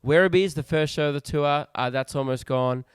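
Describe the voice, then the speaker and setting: Smooth-voiced Australian man, chatty podcaster. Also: on the high side, no room sound, clean studio sound. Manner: chatty, joking, brisk self-promotion. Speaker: podcast co-host, touring comedian. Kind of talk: casual podcast chat.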